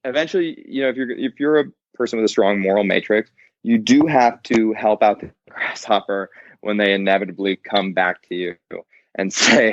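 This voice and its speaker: A man's voice: lowish voice, normal speed, no room sound. A man talking as an interview guest in casual chat, blunt and profane, laughing often. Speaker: podcast guest. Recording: dry, dull lo-fi sound.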